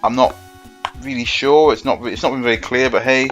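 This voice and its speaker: A man's voice: mid-range voice, steady tone, brisk, fairly bright tone, dull audio, faint music behind. A man co-hosting a gaming podcast, rambling and joking in casual chat with lots of fillers. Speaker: podcast co-host.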